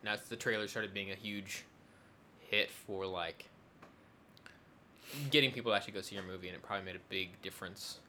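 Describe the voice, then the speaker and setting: A man's voice: deep voice, fairly even intonation, a little fast, pauses often, bright, forceful tone, a little hiss or hum. A young adult man in casual conversation, rambling with many fillers and restarts. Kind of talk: casual chat.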